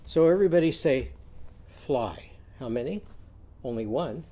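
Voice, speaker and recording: A man's voice: mid-range voice, lively intonation, measured pace, mellow. A man teaching a children's literacy lesson, singing simple chants and leading the class in call-and-response.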